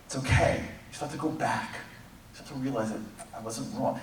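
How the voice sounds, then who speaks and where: Male preacher, animated storyteller acting out voices; very reverberant hall, distant mic. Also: mid-range voice, brisk, a little hiss or hum. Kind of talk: sermon. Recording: echoey hall from far off, faint background.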